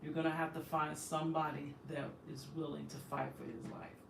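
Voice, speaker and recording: A woman's voice: low voice, level tone, brisk, creaky. A woman host telling her own story in an emphatic, impassioned, indignant way. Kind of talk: emotional personal storytelling. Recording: echoey room, distant from the mic, faint background noise.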